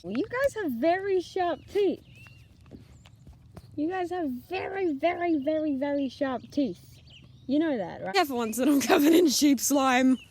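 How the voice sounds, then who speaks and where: Standing among the sheep in a paddock, a young New Zealand vlogger chats and giggles at the lambs while filming on a handheld camera. Her voice sits high yet has a darkish tone, expressive at a moderate pace, and the outdoor audio picks up slight noise and bleating sheep and lambs.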